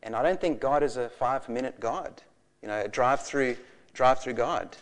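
A man in his forties preaching a sermon, passionate and animated, telling stories with bursts of laughter. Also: medium pitch, normal speed. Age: 40s. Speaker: pastor.

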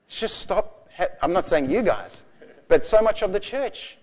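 A man in his forties delivers a sermon with a slightly higher voice than most men. He preaches with passion, telling lively stories and breaking into laughter. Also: normal speed. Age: 40s. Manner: passionate, animated storytelling with laughter. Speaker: pastor.

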